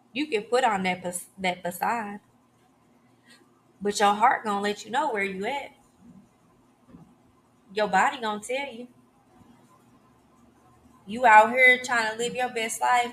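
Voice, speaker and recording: A woman's voice: on the high side, bright, forceful tone, a little hiss or hum. A woman in her thirties hosting a podcast, giving an emphatic, preachy solo talk and often checking in with "okay?". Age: 30s. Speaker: podcast host.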